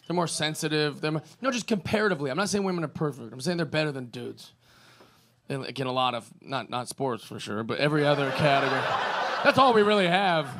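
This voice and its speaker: A man's voice: a bit bright, a little hiss or hum. A man doing a stand-up routine in a mock-earnest manner. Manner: mock-earnest, jumps into squeaky impressions. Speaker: stand-up comedian.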